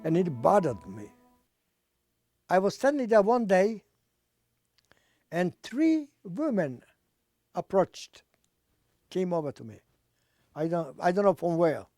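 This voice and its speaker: Older man, unhurried testimony, mellow tone, halting non-native English, searches for words. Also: high voice, sing-song, no echo, soft background music. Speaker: Holocaust survivor giving testimony. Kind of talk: oral history testimony.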